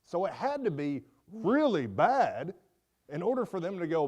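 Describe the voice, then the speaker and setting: A man teaching a Sunday school class in an informal, animated way, acting out quotes with folksy asides. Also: high-pitched, normal speed, breathy edge.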